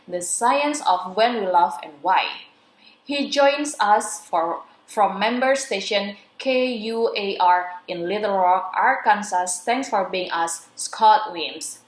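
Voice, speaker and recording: A woman's voice: mid-range voice, slow. A young adult woman, a student, reading a radio interview script aloud with careful pacing and small slips. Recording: roomy echo.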